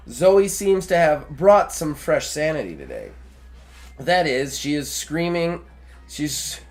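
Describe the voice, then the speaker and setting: Lively, joking man reading game text. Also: on the high side. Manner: joking, laughs often, reads aloud dramatically. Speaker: let's play co-host. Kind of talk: casual gaming chat, reading game text aloud.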